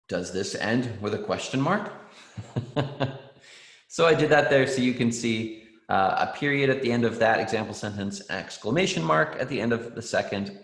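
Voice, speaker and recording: A man's voice: fairly low pitch, fairly bright tone. Guy teaching kids writing online, lots of ums, cheering them on, kinda echoey. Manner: encouraging, reads out student answers, frequent ums. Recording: roomy echo.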